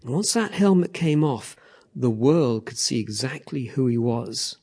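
A man's voice: mid-range voice, unhurried, gravelly, husky. A man preaching animatedly, often checking in with the audience. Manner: animated, repeats "okay? all right?" to the audience. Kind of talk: sermon.

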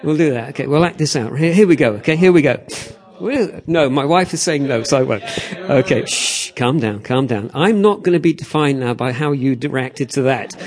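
A man with a fairly high voice preaches a sermon at a slightly fast pace. He is animated and keeps checking in with the audience, repeating "okay? all right?"

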